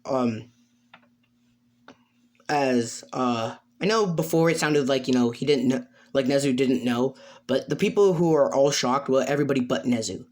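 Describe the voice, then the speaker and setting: A man's voice: mid-range voice, moderate pace, a little mellow. A man narrating an improvised fan story, hesitant, full of fillers and self-corrections.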